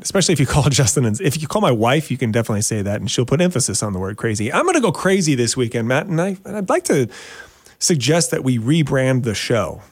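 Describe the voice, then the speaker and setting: A man who is both a realtor and a radio host talks fast on his weekend talk show, joking and poking fun at himself about his subject. He's animated, with sudden jumps in pitch, and there's no room sound.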